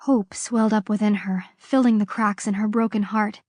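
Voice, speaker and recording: In a dry recording, a woman narrates an audiobook with a measured, expressive delivery and a voice in the middle range.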